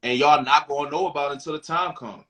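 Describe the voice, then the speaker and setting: A man with a somewhat high voice co-hosts a candid talk show. He speaks bluntly and with emphasis, swearing freely as he makes his points. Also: fast talker, fairly bright tone, low-quality recording. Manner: reads out viewer questions. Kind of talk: candid casual chat.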